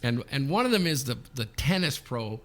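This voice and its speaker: A man in his fifties from Canada, co-hosting a podcast and telling an anecdote in a lively way, often checking in with "okay?". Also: medium pitch, normal speed. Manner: animated anecdote teller, frequent "okay?" check-ins. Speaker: podcast co-host. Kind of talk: casual storytelling.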